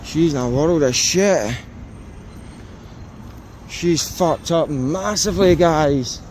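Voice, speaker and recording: A British man narrates to camera outdoors, scornful and fired up about the police. His voice sits high. Faint traffic hums behind him. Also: takes it slowly, a little mellow. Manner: mocking, indignant, talks to camera. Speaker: auditor filming police. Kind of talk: casual vlog commentary to viewers. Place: outdoors on a street.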